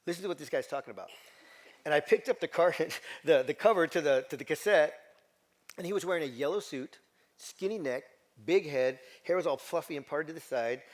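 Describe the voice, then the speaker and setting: A middle-aged man, a motivational speaker telling a story to a live audience, animated and full of restarts and questions to the crowd. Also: fairly high pitch, normal speed. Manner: animated, repeats words and asks the audience questions. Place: stage before an audience.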